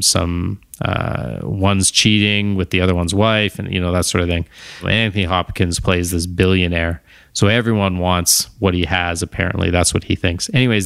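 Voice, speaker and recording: A man's voice: sits low, vocal fry, a bit bright, smooth, dry recording, studio quality. A man hosting a podcast on his own, talking casually and wandering off into tangents. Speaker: podcast host. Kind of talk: casual solo monologue.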